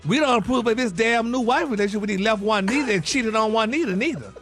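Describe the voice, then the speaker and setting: A man's voice: sits high, fast talker, fairly bright tone, soft background music. A man delivering a celebrity gossip segment on a morning radio show, sassy and dramatic, calling everyone "honey" and "y'all". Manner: dramatic, exclaiming.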